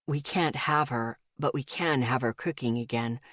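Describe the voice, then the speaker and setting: A woman voicing an earnest, protective teenage boyfriend in an audiobook, speaking low, soft and intimate. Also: normal speed, no echo, studio quality. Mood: tender. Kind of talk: audiobook character voice.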